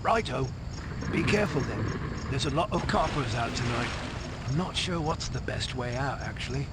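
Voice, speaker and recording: A man's voice: mid-range voice, expressive, normal speed, close to an everyday voice. A man playing a laid-back informant, shaky Cockney. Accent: weak attempt at Cockney. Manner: casual, surfer-like delivery. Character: streetwise male informant in a game. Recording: game audio with loud ambient noise.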